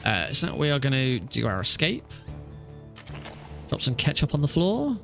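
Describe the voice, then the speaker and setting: A man's voice: mid-range voice, huge pitch swings, normal speed, creaky, fairly bright tone, faint music behind. Rambling young man streaming a speedrun. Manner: rambling, many fillers and restarts. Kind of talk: live stream game commentary.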